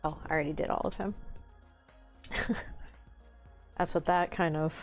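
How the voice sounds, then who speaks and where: A tired woman with a rural Southern American accent, hosting a livestream in a relaxed chat, laughing often as she answers viewer comments. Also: low voice, a little slow, faint music behind. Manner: laughs often, chatty and easygoing. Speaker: livestream host.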